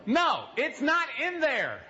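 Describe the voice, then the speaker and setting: A male pastor with a very high, lively voice delivers a folksy sermon. He slows right down to land his points. The recording sounds dull and lo-fi. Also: a crowd in the background. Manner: folksy storytelling preacher, slows for emphasis.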